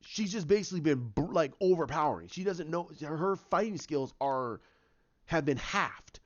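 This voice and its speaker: A man's voice: fairly high pitch, lively intonation, moderate pace, highs cut off. Rambling man retelling a movie idea. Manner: rambling with frequent restarts and fillers. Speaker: fan pitching a movie idea. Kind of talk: casual retelling.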